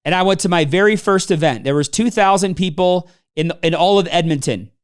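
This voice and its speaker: High, clear-voiced man telling stories. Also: fairly quick. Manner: storytelling, acts out quoted people. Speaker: business trainer. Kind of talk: motivational talk to a live audience.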